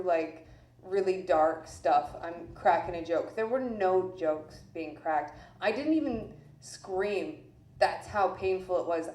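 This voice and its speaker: A woman's voice: mid-range voice, a little mellow. Profane, blunt woman doing stand-up. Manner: profane, blunt, self-mocking. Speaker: comedian. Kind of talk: stand-up storytelling. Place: live comedy venue. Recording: echoey room with faint ambience.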